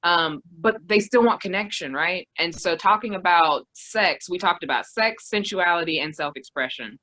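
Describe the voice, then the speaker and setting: A woman self-love coach speaking thoughtfully as a guest on a podcast, slowing down to make reflective points. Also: on the low side, sharp tone. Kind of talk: reflective conversational podcast talk.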